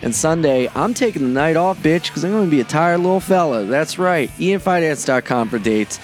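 A man hosting his own podcast, a comedian talking in a brash, profane, excitable monologue. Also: fairly high pitch, fairly quick, faint music behind. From Delaware. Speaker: podcast host and stand-up comedian.

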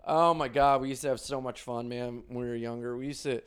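Here a stand-up comedian talks in a clean, steady, mid-range voice. His casual monologue is a string of rambling stories, heavy on swearing, with quick bursts of speech and quotes he acts out.

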